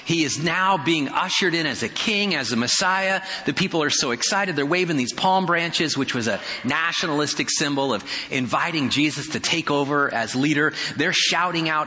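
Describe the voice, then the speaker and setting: A pastor delivers a sermon, weaving in stories and playful asides. His voice is bright and forward, with a long reverb trailing it through a large hall. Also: fairly high pitch, a little fast, hardly any pauses. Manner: storytelling with humorous asides.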